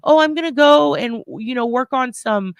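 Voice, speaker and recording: A woman acting out a smooth-talking, manipulative stepfather who coaxes and reassures in a pushy way. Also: sits high, normal speed, no room sound, pitched above the performer's own voice. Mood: scheming.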